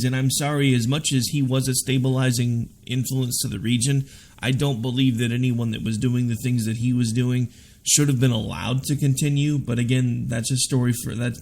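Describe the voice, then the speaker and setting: Gravelly opinionated talk radio man. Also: medium pitch, fairly even intonation, brisk. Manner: forceful, opinionated, argumentative. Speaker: radio talk show host. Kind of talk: political debate on talk radio.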